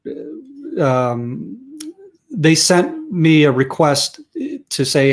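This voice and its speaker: A man's voice: fairly high pitch, slow. Talkative Israeli-born man telling stories. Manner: storytelling, animated, laughs often. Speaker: interview guest. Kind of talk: conversational interview.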